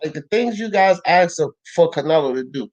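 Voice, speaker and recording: A young man hosting a casual live boxing talk stream, reading the chat out loud, answering it, and arguing in slang. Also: on the high side, normal speed, highs cut off. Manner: animated, slangy, argues with chat.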